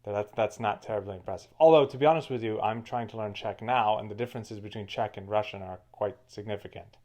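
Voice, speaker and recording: Guy cohosting a chat, lowish voice, explains stuff steadily, pretty opinionated. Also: quick pace, dark tone. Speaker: co-host. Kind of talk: casual conversational chat.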